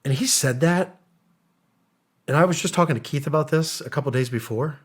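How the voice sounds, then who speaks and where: A man's voice: on the high side, a little fast, slightly rough. Earnest man telling his story. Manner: earnest, acts out quoted dialogue, casual slang. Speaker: podcast guest, former special operations soldier. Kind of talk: casual storytelling interview.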